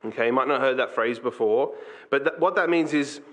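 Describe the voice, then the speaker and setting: A man preaching a sermon as pastor, earnest and conversational, slipping into quick acted asides. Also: mid-range voice.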